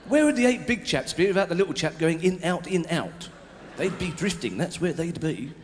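Male stand-up, high and lively, hall reverb and hiss on a live recording. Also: normal speed. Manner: swings from loud mock outrage to low, confiding murmurs. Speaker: stand-up comedian.

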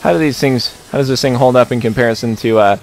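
A young man with a mid-pitched voice chats loosely over his gameplay, cracking jokes and talking to the characters as he goes. His delivery is casual and rambling. Faint music plays underneath. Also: quick pace. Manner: joking, rambling, talks to the game characters. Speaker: let's play host.

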